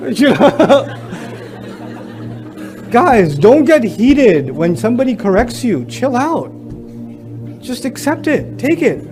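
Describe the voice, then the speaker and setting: A middle-aged man giving a lively sermon to young people, acting out family quotes in a higher voice. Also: slow pace, some chatter behind. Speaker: Islamic speaker. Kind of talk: lively sermon talk to youth. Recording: lecture with music underneath.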